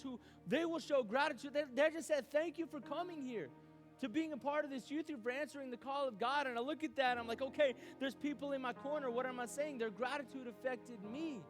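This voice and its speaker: A man preaching a youth sermon as youth pastor, animated, acting out his own doubts aloud. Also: extremely high pitch, brisk, faint music behind.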